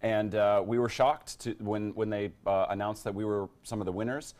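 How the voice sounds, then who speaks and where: A man's voice: lowish voice, fairly even intonation, normal speed, a little mellow. A man from a local theater, a guest on a morning talk show, speaking casually with fillers and restarts. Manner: friendly, hesitant with fillers and restarts.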